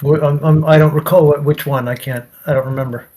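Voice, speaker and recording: A man's voice: fairly high pitch, steady tone, fairly quick, a little mellow, rough recording. A man from the United States, an interview guest, telling a long anecdote in a rambling way, full of restarts and quoted dialogue. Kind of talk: casual storytelling.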